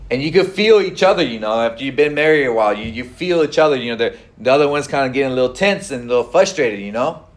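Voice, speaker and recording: A middle-aged man preaching a sermon in a conversational way, with frequent fillers and pauses. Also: medium pitch. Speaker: pastor.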